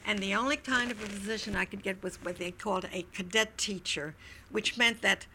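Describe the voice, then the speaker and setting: An older woman, an interview guest, recounting memories in a reflective, halting way. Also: mid-range voice, noisy background. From Wilmington, Delaware, US. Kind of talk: oral history recollection.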